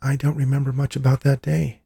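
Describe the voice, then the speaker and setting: A male narrator voicing the ghost of a woman, speaking softly and reassuringly. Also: medium pitch, flat delivery, brisk, vocal fry, breathy edge, no echo, clean studio sound, pitched above the performer's own voice. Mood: gentle. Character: ghost of a woman, gentle and lost.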